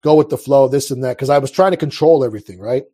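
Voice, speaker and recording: A man's voice: mid-range voice, fast, warm tone, breathy edge. A man in his thirties telling his life story as an interview guest, in a casual, rambling way full of restarts. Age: 30s. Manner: rambling, restarts, frequent fillers.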